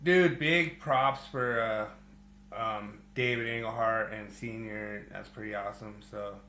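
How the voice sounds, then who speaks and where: A man hosting a football podcast in casual chat, talking in a relaxed way with many fillers. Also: fairly low pitch, slow pace, echoey room. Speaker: podcast host.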